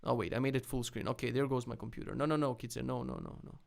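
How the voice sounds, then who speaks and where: A young man runs a live web development stream, reacting to links with excited outbursts and plenty of swearing. His voice is smooth and resonant with a gravelly rasp at the ends of phrases. He sounds loose and unscripted. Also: mid-range voice, fast. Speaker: streamer host.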